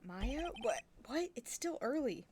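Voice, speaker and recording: A woman's voice: fairly high pitch, big pitch swings, a little slow, a little mellow, a little hiss or hum. A woman reading the lines of a dry, put-upon young male lawyer from a game, over game music. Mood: sleepy. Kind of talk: reading game dialogue aloud.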